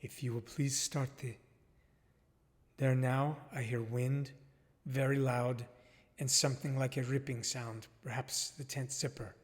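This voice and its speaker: An actor playing a solemn, formal male documentary filmmaker questioning a guest in a deliberate manner, recorded with long reverb. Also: mid-range voice, level tone, close to an everyday voice. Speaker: interviewer.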